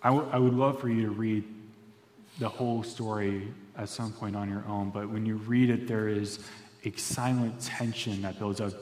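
A man's voice: fairly low pitch, steady tone, normal speed, darkish tone. A man preaching a sermon as pastor, in an earnest, reflective storytelling manner. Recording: echoey hall reverb.

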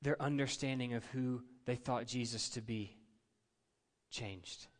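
Unhurried and mid-range in pitch, a middle-aged man preaches a conversational sermon from a church sanctuary. He leads the congregation through call-and-response while the big hall rings with long reverb.

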